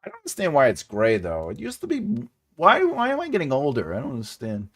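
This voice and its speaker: Animated, jokey man in his forties. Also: fairly high pitch, brisk, slightly rough. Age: 40s. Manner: jokey, laughs often, rambling asides. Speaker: writing channel host. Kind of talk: casual livestream chat.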